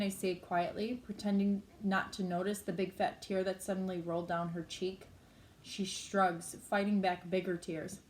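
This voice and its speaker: A woman's voice: on the low side, level tone, normal speed, darkish tone. A woman reading a novel aloud in a plain, unpolished way, with small slips she corrects as she goes. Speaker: reader.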